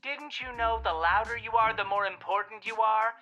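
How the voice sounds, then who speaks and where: Loud bossy game character, high bright voice, full of herself. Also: female voice, moderate pace, muffled recording, soft background music. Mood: boastful. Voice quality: brash, boastful. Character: loud, bossy, self-important woman.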